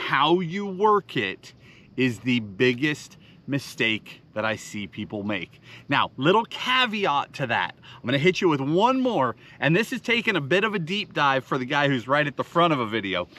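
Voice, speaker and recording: A man's voice: mid-range voice, bright, forceful tone. A man teaching a fishing seminar, speaking emphatically and counting out rhythms with punchy sound words. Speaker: fishing instructor. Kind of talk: instructional seminar.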